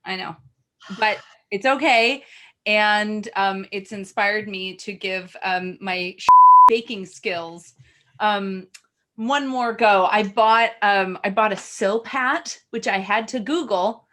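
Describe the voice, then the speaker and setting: A woman with a Southern Californian accent, co-hosting a casual chat and talking in a chatty, giggly way with drawn-out pauses. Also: mid-range voice, bright, forceful tone, slight background noise. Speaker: co-host.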